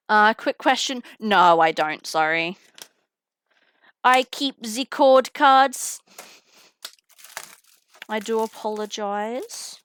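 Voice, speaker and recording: A woman's voice: fairly high pitch, lively intonation, extremely slow, pauses often, fairly bright tone, a little hiss or hum. A young woman chatting casually on a live stream while opening trading cards, giggling and greeting viewers through a headset mic. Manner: chatty, giggly, talks to chat while unboxing. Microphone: headphones with mic.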